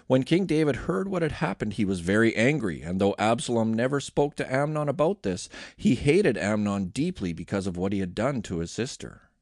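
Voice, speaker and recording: A man reads scripture aloud as a daily reading host, his voice rising and falling with lively movement. The recording is dry and close, with no room sound around him. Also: mid-range voice, normal speed, dry recording.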